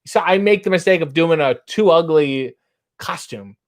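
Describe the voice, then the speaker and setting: A man in his thirties, hosting a casual chat and reading out viewer comments with wry, animated delivery. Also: fairly high pitch, moderate pace. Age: 30s. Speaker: host.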